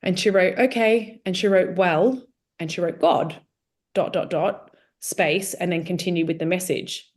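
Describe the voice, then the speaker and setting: Woman, low voice, casual storytelling, animated quoted dialogue. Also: a little slow. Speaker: guest sharing her testimony.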